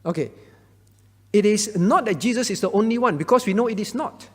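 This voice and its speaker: A man's voice: high voice, animated, fairly quick, a bit bright, husky, in a large hall. A man, a pastor, explaining a Bible question to a congregation, often checking in with "all right?". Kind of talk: Bible Q&A teaching.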